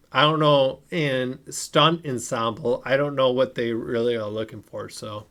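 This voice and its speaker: A man's voice: medium pitch, slow pace, long pauses, fairly bright tone. A man co-hosting a podcast in casual chat, hesitant and full of filler sounds. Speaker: podcast co-host.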